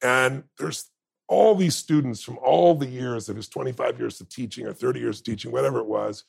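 Male interview guest with a deeply gravelly, husky voice, passionate, emotional storytelling. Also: a little fast. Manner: emotional, impassioned, emphatic. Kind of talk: heartfelt conversational storytelling.

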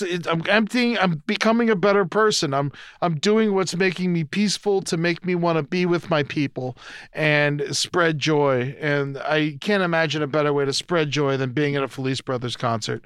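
Young man, podcast co-host, rambling, profane, raised pitch, smooth clear voice, dry sound. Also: fairly bright tone, no echo. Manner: rambling, profane, laughs at own jokes. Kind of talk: casual chat.

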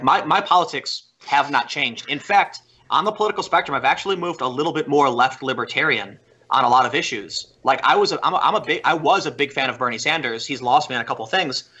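A man talking as a podcast guest, telling a story in animated, casual chat full of "like" and restarts. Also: mid-range voice, fast, husky.

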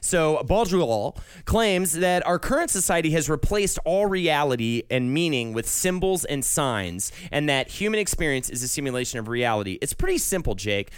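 Young man, podcast co-host, smooth clear voice, dry close sound, casual and chatty. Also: fairly high pitch, very animated, moderate pace, hardly any pauses, no room sound. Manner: loose and chatty, explaining ideas with many fillers. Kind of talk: casual chat.

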